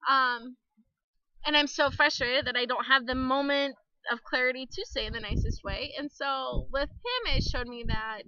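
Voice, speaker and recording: A woman's voice: high-pitched, moderate pace, bright, forceful tone, clean tone, no room sound, highs cut off. A young woman talking candidly to camera outdoors by the water, chatty, laughing often and cussing a little. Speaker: vlogger. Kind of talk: casual personal vlog to camera.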